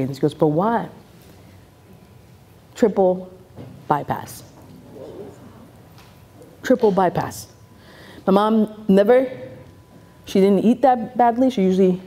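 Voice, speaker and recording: Animated woman comedian on stage. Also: medium pitch, measured pace, pauses often. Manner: animated, laughs often, acts out family voices. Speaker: comedian and keynote speaker. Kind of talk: stand-up storytelling to a live audience. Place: event stage before a live audience.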